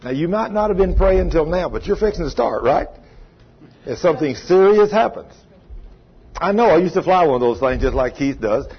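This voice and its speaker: A man's voice: on the high side, expressive, normal speed, breathy edge. An older man, preaching a conversational sermon in a folksy, earnest way and often asking his listeners questions. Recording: dull lo-fi recording.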